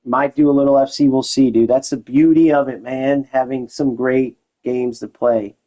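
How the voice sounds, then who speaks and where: A young man commentates his own football video game stream, loose and talkative. His voice sits at an ordinary middle pitch, and he keeps chatting to his viewers with slang and restarts. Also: fairly even intonation, moderate pace, warm tone, poor audio. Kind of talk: casual gameplay commentary to live chat.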